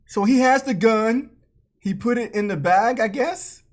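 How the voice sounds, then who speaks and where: A woman hosting a reaction video, talking through clips with frequent laughter and loud exclamations. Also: a little high, a little slow. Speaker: channel host.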